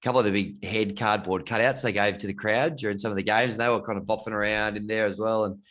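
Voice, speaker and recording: Easygoing Australian man, low voice. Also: fairly even intonation, fairly bright tone. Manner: easygoing, quick to laugh, chatty. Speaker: podcast co-host. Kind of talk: casual chat.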